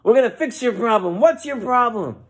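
A man voicing a fired-up preacher leading a healing session with loud, rousing, drawn-out calls. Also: extremely high pitch, animated, voice pushed up.

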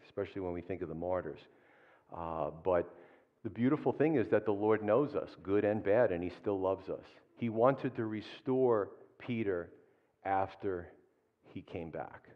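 A man preaching a sermon as a pastor, in a conversational way, often tagging his points with questions and animated asides. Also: on the low side. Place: church hall. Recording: dull sound with long hall reverb.

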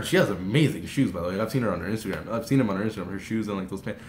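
Excitable young man telling a story. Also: rapid-fire, hardly any pauses. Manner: rambling, filler-heavy retelling that surges into high excited shouts. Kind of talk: casual story time. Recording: roomy echo, faint background noise.

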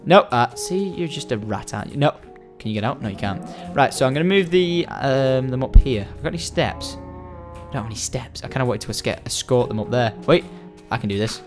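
A young Scottish man giving casual, excitable commentary while playing a building game, chatting to viewers and the animals. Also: medium pitch, fairly quick, hardly any pauses, faint music behind. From Scotland. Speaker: gaming commentator.

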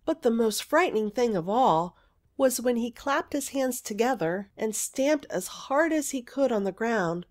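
A woman narrating a fairy story aloud in an expressive, gentle storytelling manner. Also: a little high.

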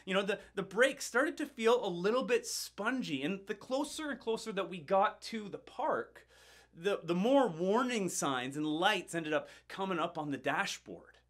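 A middle-aged male pastor telling a story in a sermon, animated and building tension, often repeating words as he goes. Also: high-pitched, a little slow.

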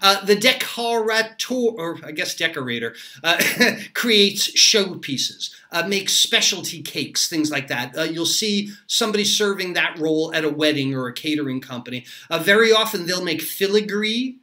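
A man's voice: fairly high pitch, expressive, normal speed, bright, forceful tone. A middle-aged man, a chef teaching a casual cooking lesson, chatty and upbeat, laughing often between points.

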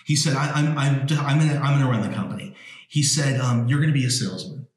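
A man's voice: mid-range voice, fast. A man, a guest entrepreneur, telling stories with energy, swearing and acting out the quotes. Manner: animated, swearing, repeats words, acts out quotes. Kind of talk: energetic storytelling conversation. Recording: echoey room.

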